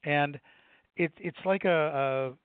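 A man's voice: on the high side, slow, clean tone, no room sound. An older man, a nonprofit director, earnestly telling a story in an interview with frequent restarts. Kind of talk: conversational interview answers. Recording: dry, tinny phone-like sound.

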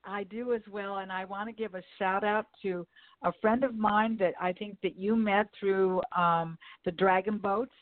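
A woman's voice: mid-range voice, steady tone, normal speed, no echo. A woman hosting a podcast interview, upbeat and welcoming as she introduces her guest and asks questions. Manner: upbeat and welcoming, with some self-interrupting restarts. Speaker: podcast host. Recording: dry, phone-like line.

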